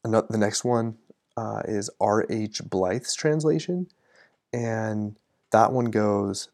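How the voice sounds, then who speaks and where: Low, gravelly male podcast host, thoughtful and unhurried, slows down to read verse. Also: darkish tone. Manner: reflective, reads poems slowly and deliberately. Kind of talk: thoughtful casual podcast talk.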